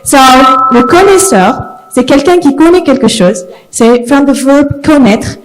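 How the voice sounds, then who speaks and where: A woman's voice: high voice, animated, a little slow, echoey room, rough recording. A woman audience member speaking casually and hesitantly with fillers. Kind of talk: spontaneous comment from the floor.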